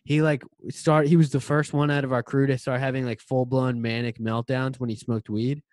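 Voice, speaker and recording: A man's voice: medium pitch, little pitch movement, normal speed, darkish tone, no room sound, clean studio sound. Laid-back young man telling stories. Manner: laid-back storytelling, heavy slang and cursing. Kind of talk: casual chat.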